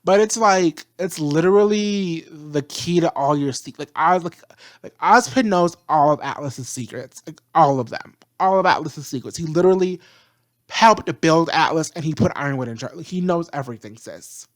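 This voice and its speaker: Profane, animated show reviewer. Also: mid-range voice, normal speed. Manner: animated, profane, repeats rhetorical questions. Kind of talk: casual ranting review.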